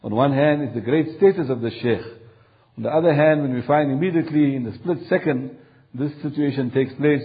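A man's voice: mid-range voice, highs cut off. A male preacher telling a long religious story in a sermon, solemn, repeating phrases for emphasis.

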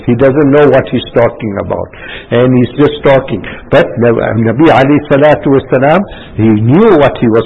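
A man giving a religious talk as a preacher, halting often with fillers and restarts. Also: medium pitch, breathy edge. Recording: tinny phone-like radio audio.

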